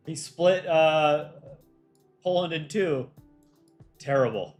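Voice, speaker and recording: A man in the middle of his range hosts a relaxed livestream, reading out fan entries one by one. He reacts with dry little jokes as he goes. Faint music plays underneath, with keyboard clicks now and then. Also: medium pitch, normal speed. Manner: chatty, reads out entries and reacts with light jokes. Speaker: livestream host judging fan art. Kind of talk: casual livestream commentary.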